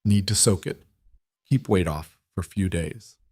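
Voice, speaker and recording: A shy, wary deaf young woman from a storybook western, as a male narrator puts her on. She speaks quietly in halting, broken English. The voice stays low and dry. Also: expressive, husky, no echo, exaggerated voice. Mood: soft.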